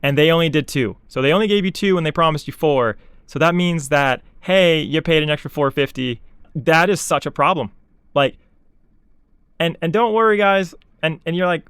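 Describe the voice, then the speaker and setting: A man's voice: on the high side, normal speed, a bit bright, clean tone, dry recording, clean studio sound. Exasperated sarcastic young man ranting. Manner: exasperated, sarcastic, mocking voices in quotes. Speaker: VTuber commentator. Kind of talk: ranting commentary.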